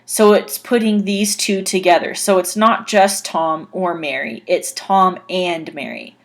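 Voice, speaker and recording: Woman, English teacher, slow delivery, careful explanation, repeats example words. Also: on the low side, steady tone. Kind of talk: online grammar lesson.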